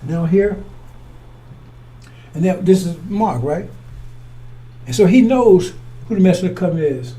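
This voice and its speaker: Blunt, scornful preacher, high-voiced man. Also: lively intonation, normal speed, pauses often, mellow. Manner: blunt, scornful, repeats and restarts words. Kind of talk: fiery preaching.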